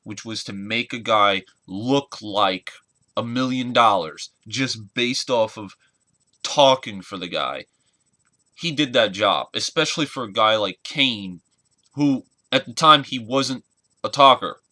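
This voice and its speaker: Earnest young man, bright and forceful. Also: on the low side, animated, no echo. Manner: earnest, halting, searching for words. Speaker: wrestling fan vlogger. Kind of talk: casual spoken tribute vlog.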